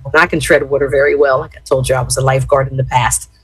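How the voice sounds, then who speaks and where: A woman's voice: extremely low pitch, flat delivery, fast, slightly rough, no echo, poor audio. A woman in her fifties telling a rambling family story to her viewers, chatty, with lots of fillers and "y'all". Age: 50s. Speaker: former gospel radio host.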